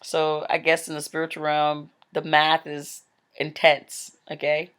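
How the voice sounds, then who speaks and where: A woman's voice: low-pitched, monotone, a little slow, a bit bright, clean tone. Chatty woman recounting a vision. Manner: chatty, rambling, with frequent "like" and "um". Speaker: Christian speaker telling a vision. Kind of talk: casual spoken testimony.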